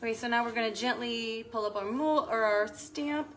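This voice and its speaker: A woman's voice: a little high, fairly quick, a bit bright, a little hiss or hum. Chatty woman crafting on camera. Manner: chatty, talks to viewers and her child while working. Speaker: craft video host. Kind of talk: casual crafting tutorial chat.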